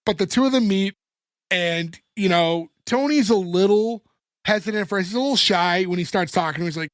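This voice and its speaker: A man in his thirties co-hosting a podcast, recapping a sitcom episode in casual chat, animated and laughing, often swearing. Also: high voice, normal speed, no room sound. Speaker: podcast co-host.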